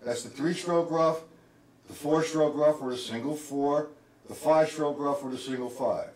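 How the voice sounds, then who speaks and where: Drum teacher counting strokes in a roomy space. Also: male voice, fairly high pitch, moderate pace, darkish tone. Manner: counts strokes aloud while playing, addresses viewers by name. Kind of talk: live-streamed drum lesson. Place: indoor room, live stream. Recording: roomy, distant mic with clear noise.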